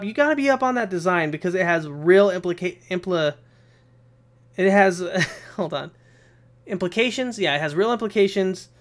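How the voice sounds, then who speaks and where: Young guy on a live stream q&a, kinda high voice, rambly and pumped, swears a lot. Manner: energetic, rambling, swears casually. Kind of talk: casual live Q&A.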